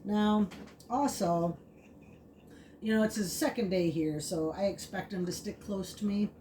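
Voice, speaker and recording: A woman's voice: unhurried, mellow. Chatty woman training a puppy. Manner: chatty with many fillers, breaks into high baby talk to the puppy. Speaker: dog trainer. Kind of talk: casual vlog narration. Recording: distant mic with clear background noise.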